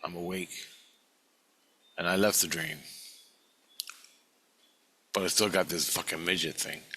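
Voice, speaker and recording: A man with a lowish, bright, forceful voice recounts a dream in a meandering, foul-mouthed ramble. He keeps restarting his sentences and swearing as he circles back over the details. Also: steady tone, unhurried, slight background noise. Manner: profane, meandering storytelling with many restarts.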